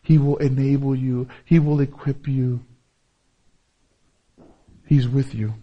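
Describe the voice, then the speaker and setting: In a muffled recording, a male pastor preaches slowly in a level tone. His sermon repeats key phrases, rising to loud, emphatic peaks and sinking to quiet, soft moments.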